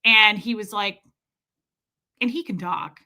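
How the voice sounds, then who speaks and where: A woman's voice: mid-range voice, slow, bright, forceful tone. A middle-aged woman vlogger telling a story in a casual, blunt and profane way.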